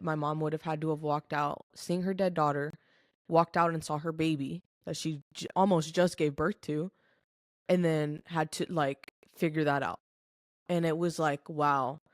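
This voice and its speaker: As a podcast guest, a young adult woman shares her story with candor and feeling, her speech heavy with fillers, "like" above all. Her voice is low. The sound is clean studio audio with no echo.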